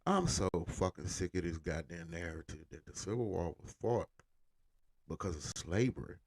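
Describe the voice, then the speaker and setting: Low-voiced man, swearing, animated rant. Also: moderate pace, vocal fry, husky. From Louisiana, USA. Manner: profane, exasperated, emphatic. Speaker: commentary vlogger. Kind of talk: heated commentary rant.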